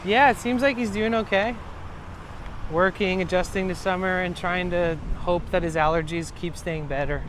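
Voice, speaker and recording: Young man, live streamer, casual street chat, swears freely, slightly high voice, faint street noise. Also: steady tone, normal speed. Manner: loose and chatty, swears casually. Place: outdoors on a city street.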